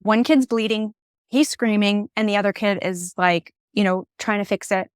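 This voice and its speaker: A middle-aged woman tells personal stories, animated and candid, her pitch in the middle range for a woman. The recording is dry and close, with no room sound. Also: normal speed, clear, resonant tone, dry recording. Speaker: podcast guest. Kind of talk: conversational storytelling. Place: podcast conversation.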